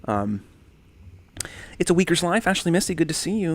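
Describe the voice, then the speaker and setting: A young man with a slightly high voice hosts a casual livestream from home, talking brisk and laid-back into a desk condenser mic. He reads comments, greets chatters by name, and swings into animated bursts, all on a dry recording.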